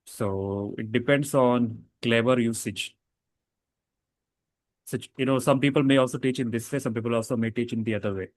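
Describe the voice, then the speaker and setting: A man's voice: medium pitch, fairly even intonation, moderate pace, no room sound. A man teaching a casual grammar lesson, explaining rules with fillers and self-corrections.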